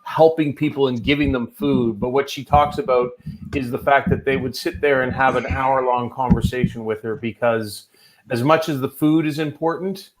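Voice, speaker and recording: A man's voice: medium pitch, fairly even intonation, normal speed, poor audio. A man co-hosting a casual live talk show in a mid-range voice. He speaks earnestly, building his points with "you know". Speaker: co-host.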